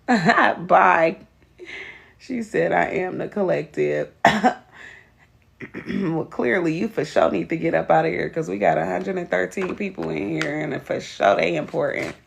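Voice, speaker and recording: Gravelly, blunt woman tarot reader. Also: fairly low pitch, unhurried. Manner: blunt, profane and laughing, greeting viewers by name. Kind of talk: live tarot reading.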